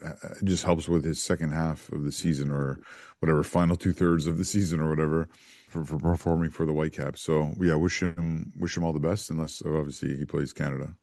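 A man with a very low voice, co-hosting a sports podcast in a dry, close-sounding recording. He talks in an easygoing, halting way and often restarts mid-sentence as he works out his thoughts. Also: level tone, warm tone, dry recording. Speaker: podcast co-host. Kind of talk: casual sports chat.

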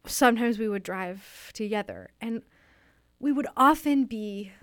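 A woman in an improvised comedy interview, earnest and wistful, halting with many restarts, speaking into a studio microphone. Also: fairly high pitch, lively intonation, no room sound. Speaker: interviewee playing a fictional author.

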